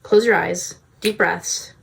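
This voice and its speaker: A woman's voice: on the low side, steady tone, slow pace, gravelly, husky. A young woman vlogging self-help advice in a casual, breezy way, often saying "like". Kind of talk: self-help vlog talk.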